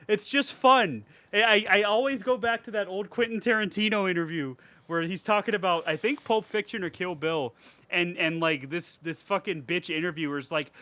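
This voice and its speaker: A man's voice: high-pitched, normal speed, bright, forceful tone, no room sound. A man hosting a casual podcast chat, profane and ranting, often laughing as he reads out and mocks reviews. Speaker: podcast host.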